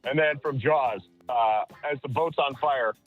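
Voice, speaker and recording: A man's voice: mid-range voice, unhurried, faint music behind. A man calling into a radio show and reciting movie quotes. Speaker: caller. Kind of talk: call-in chat. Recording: dull phone-in line.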